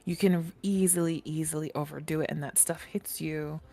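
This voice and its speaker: A woman telling a long personal story in casual chat, animated, laughing often and swearing freely. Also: sits low, normal speed.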